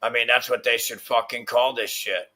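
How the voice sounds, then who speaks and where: A man's voice: medium pitch, level tone, normal speed, bright, forceful tone. A man hosting a livestream, ranting with constant swearing and frustrated rambling. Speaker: livestream host.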